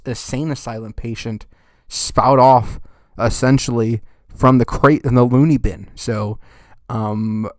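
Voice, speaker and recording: A man's voice: mid-range voice, no echo, studio quality. A young man hosting a golf podcast, ranting with constant swearing. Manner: swears constantly, rants loudly, then winds down. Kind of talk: profane ranting recap.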